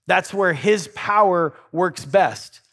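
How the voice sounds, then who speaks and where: A man's voice: sits high, slow pace, fairly bright tone. A man preaching a sermon in a conversational way, with dry irony and acted-out prayers. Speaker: pastor.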